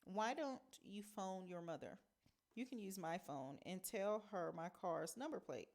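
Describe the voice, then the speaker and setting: A woman's voice: medium pitch, animated, unhurried, a little mellow. A woman reading a novel aloud, voicing a friendly, overly polite middle-aged man who talks in an amiable, rambling way.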